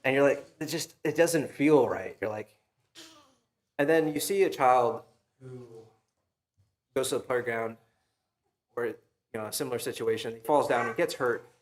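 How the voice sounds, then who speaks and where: A man's voice: mid-range voice, moderate pace, long pauses. A young man preaching an evening sermon in a church, talking casually with fillers and asking the congregation "right?" as he tells a story. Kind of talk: conversational sermon. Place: church sanctuary.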